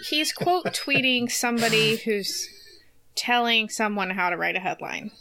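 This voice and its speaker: A woman co-hosting a casual chat, laughing often and filling pauses with "like" and "uh". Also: on the high side, lively intonation, pushed and bright. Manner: giggly, laughs often, filler-heavy. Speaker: podcast co-host.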